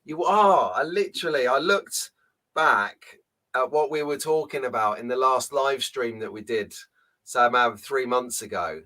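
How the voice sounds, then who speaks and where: A man's voice: mid-range voice, a little slow, sharp tone. A man hosting a casual live stream from a small home room, chatty and jokey, greeting viewers by name. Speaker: host.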